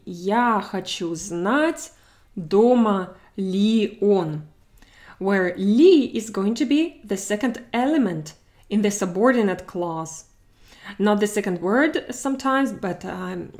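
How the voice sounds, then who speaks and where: Female language tutor, unhurried, mid pitch, careful drill-style delivery. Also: darkish tone. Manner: slow, careful modeling of Russian example sentences. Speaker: Russian language teacher. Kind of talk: explaining grammar to learners.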